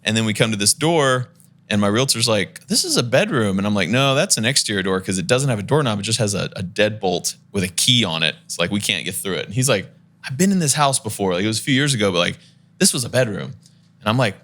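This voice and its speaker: Bright-voiced man telling a story. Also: on the low side, quick pace. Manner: animated storyteller, laughs while talking, acts out the people in his story. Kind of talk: casual storytelling chat.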